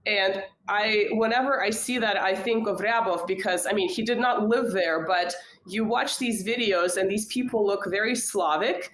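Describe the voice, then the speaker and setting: A woman's voice: mid-range voice, normal speed, a bit bright, reverberant, a little hiss or hum, low-quality recording. A woman guest on a podcast, talking through a story in a thoughtful, hedging way with many fillers. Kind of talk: casual conversation.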